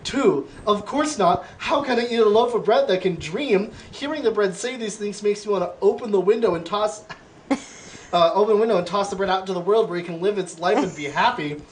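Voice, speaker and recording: A man's voice: high-pitched, a little fast, slight background noise. A man hosting a casual comedy podcast, playfully reading quiz questions aloud and quizzing his guests. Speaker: podcast host.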